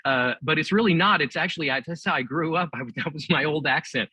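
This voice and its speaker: Middle-aged Texan man, interview guest, chatty and laughing, bright, husky tone. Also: a little high, fast, no echo, poor audio. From Texas. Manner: chatty, laughs often, many restarts. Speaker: guest ventriloquist. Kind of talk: casual interview chat.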